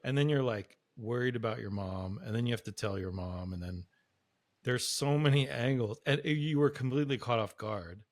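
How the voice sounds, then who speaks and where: A man's voice: mid-range voice, moderate pace, no echo. Casual podcast host man. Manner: supportive, swears casually. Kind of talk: casual interview chat.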